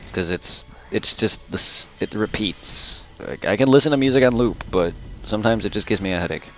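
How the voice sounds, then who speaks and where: A man's voice: on the low side, lively intonation, brisk, a bit bright. Rambling male game streamer. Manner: rambling, repeats himself, laughs often. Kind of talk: casual chat while gaming.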